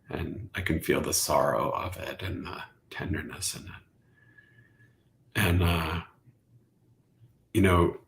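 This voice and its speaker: A middle-aged man, a Zen teacher, speaking softly and contemplatively as a podcast guest, sometimes dropping to a whisper. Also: low voice, creaky, a little hiss or hum. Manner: slow, soft-spoken and contemplative, drifting into whispers. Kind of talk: reflective podcast conversation.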